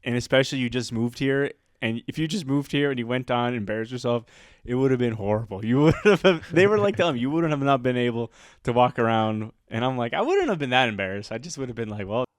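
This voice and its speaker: A man's voice: medium pitch, expressive, fast talker, no echo, studio quality. A man co-hosting a podcast, a comedian telling rambling stories full of fillers and laughter in casual chat.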